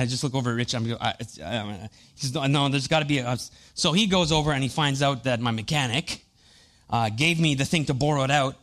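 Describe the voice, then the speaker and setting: A man's voice: mid-range voice, fairly bright tone. A man in his thirties, a pastor preaching a sermon, telling personal family and boat stories in a chatty, self-deprecating way.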